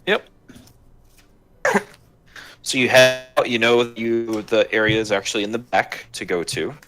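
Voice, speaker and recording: A man's voice: medium pitch, steady tone, a little slow. A man running a tabletop game, describing the scene in a loose, casual way. He hesitates often and fills the gaps with "uh". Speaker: game master.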